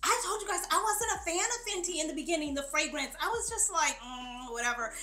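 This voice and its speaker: A young adult woman talking fast and excitedly to her viewers in a chatty, emphatic beauty haul. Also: extremely high pitch, faint music behind. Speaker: beauty vlogger. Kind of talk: sponsored haul, casual chat to viewers. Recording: echoey room.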